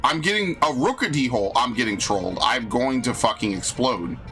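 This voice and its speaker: Brief: young New guy streaming games, fed up and swearing, mid-pitched bright voice. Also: lively intonation, normal speed, faint music behind. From New York. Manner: exasperated, profane ranting. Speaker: game streamer. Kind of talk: live game stream commentary.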